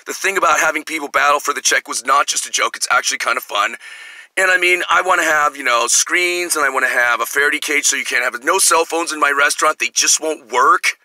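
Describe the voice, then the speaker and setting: A man's voice: a little high, brisk, dry recording, low-quality recording. A middle-aged man telling rambling personal stories as a vlogger, jumping between tangents and acting out quotes. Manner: animated, jumps between tangents, acts out quotes. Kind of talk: rambling personal storytelling monologue.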